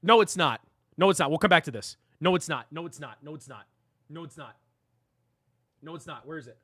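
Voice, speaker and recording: A man's voice: a little high, a little fast, fairly bright tone, no echo, studio quality. A man streaming a game live, ranting at his chat with mock drama and repeating himself. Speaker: gaming livestreamer.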